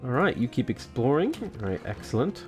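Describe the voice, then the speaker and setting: A man's voice: medium pitch, big pitch swings, fairly quick. A man hosting a casual let's play, rambling and joking with lots of fillers, with faint game music behind. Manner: playful, jokey, rambling with many fillers. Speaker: gaming video host.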